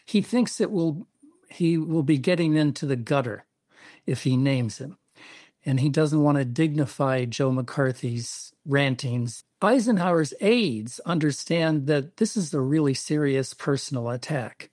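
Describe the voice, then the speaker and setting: A male author being interviewed on the radio, explaining events in a measured, storytelling way. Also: a little high, darkish tone, dry recording, clean studio sound. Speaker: author guest.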